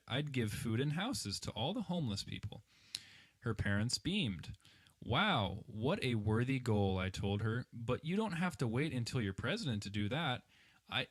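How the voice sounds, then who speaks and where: A man's voice: mid-range voice, no echo. A man hosting a podcast, reading a story aloud and adding dry joking asides. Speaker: podcast host.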